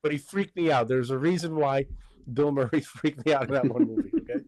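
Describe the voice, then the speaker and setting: A man's voice: mid-range voice, a little fast, darkish tone. A man hosting a podcast, chatting casually in a rambling, hesitant way with many restarts. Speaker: podcast host. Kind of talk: casual chat.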